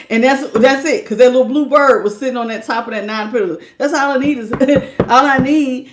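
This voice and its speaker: Laughing high-voiced woman tarot reader. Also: a little fast, few pauses. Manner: laughs often, slangy and playful; acts out imagined people's lines. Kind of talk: live tarot reading with chat greetings.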